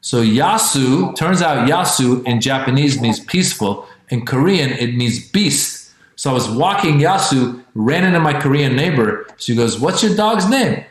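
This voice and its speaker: A man in his forties from Iran doing an animated, profane stand-up routine on a livestream, talking directly to his audience. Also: mid-range voice, measured pace, few pauses. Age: 40s. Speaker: stand-up comedian. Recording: very echoey space.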